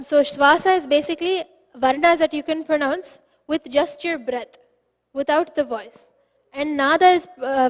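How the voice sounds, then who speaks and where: A woman's voice: sits high, in a large hall. A woman teaching a phonetics class, patiently explaining step by step and sounding out syllables aloud.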